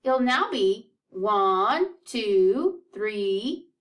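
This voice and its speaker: A woman's voice: medium pitch, big pitch swings, very slow, far from the mic. Upbeat woman teaching a music class. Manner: upbeat, encouraging, counts beats aloud. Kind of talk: children's music lesson.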